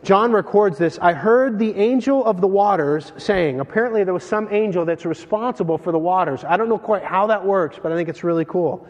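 A man preaching a sermon as pastor, animated and joking as he tells stories between scripture readings. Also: sits high, brisk, hardly any pauses, dull audio. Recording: long hall reverb.

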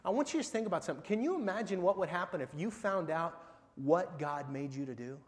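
A man's voice: high-pitched, animated, fast talker. A middle-aged man preaching a sermon as pastor, in a conversational style full of rhetorical questions and swings in volume. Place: church sanctuary. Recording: long hall reverb.

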